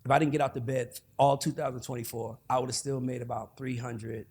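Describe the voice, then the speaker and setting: A man in his forties with an Atlanta accent, a guest telling stories in a casual, animated, profane way. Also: medium pitch, fairly quick, slightly rough. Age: 40s. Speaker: guest, music executive. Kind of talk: casual podcast conversation.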